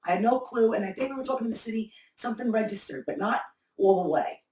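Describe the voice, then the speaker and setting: A middle-aged woman speaking candidly in an interview, halting and repeating herself as she answers. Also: fairly high pitch, animated, a little mellow, slight background noise. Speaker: interviewee, mother of the host. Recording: echoey room, mic far off.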